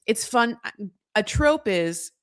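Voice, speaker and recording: Her voice is a little high with lively intonation, and she takes her time as a co-host on a casual reality TV recap podcast. Rambling and talkative, she leans on fillers and mimics people with put-on voices, all in clean studio sound with no room noise.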